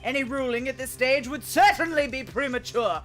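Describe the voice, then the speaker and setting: A woman's voice: sits high, normal speed, faint music behind, lightly acted. A woman voicing a poised young male prosecutor in a put-on British accent, formal and clipped, reading game dialogue aloud. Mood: cool.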